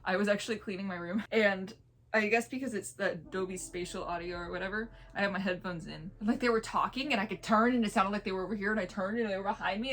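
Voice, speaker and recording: A woman's voice: medium pitch, quick pace, a bit bright. A woman reviewing an audiobook in a chatty, rambling way, laughing often and drifting into tangents. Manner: playful whispers when mimicking vampires. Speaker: book reviewer. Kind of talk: casual video review.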